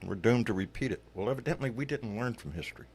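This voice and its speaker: A man's voice: fairly low pitch, expressive, fast, darkish tone, husky. A man hosting a casual livestream, loose and profane, calling his viewers baby. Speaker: livestream host.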